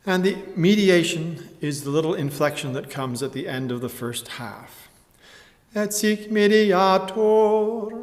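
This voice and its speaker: A man giving a measured, precise lecture tutorial, pausing with fillers and clearing his throat now and then. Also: mid-range voice, long reverb tail. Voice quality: measured, precise explanatory delivery. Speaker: music instructor. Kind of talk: lecture tutorial with sung examples.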